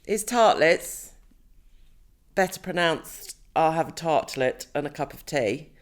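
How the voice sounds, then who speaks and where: A woman's voice: low-pitched, lively intonation, slow pace. A woman co-hosting a podcast in casual chat, laughing often and swearing casually. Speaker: podcast co-host.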